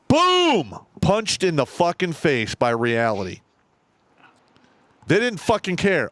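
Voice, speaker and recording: A man's voice: a little high, takes it slowly, pauses often, dry recording. A middle-aged man co-hosting a casual podcast, telling stories with lots of swearing. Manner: profane, animated storytelling. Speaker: co-host.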